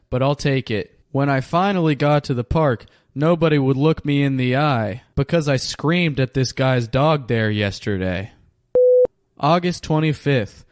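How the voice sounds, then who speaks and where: Deadpan man reading a comic diary. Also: mid-range voice, dry recording, clean studio sound. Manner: deadpan, absurd diary entries read dryly. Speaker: podcast host.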